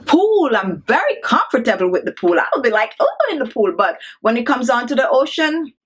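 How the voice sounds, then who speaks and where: A woman's voice: on the high side, big pitch swings, moderate pace, husky. A woman vlogger chatting casually to the camera, talking in an emphatic way and checking in with her viewers. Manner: chatty and emphatic, asks for agreement. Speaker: beauty vlogger.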